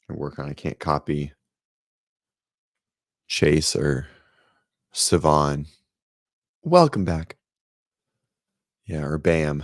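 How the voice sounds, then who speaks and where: Deep gravelly man chatting on a livestream. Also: a little mellow, dry recording, studio quality. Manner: rambling, chatty, reads and greets viewers. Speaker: fitness livestream host. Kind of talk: casual morning livestream chat. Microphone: desk microphone.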